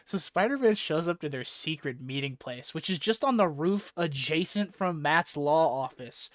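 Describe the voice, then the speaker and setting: In a slightly high voice at a normal pace, this young podcast host gives a lively, casual retelling of a comic book story, performing the quotes along the way. The audio is studio quality with no echo.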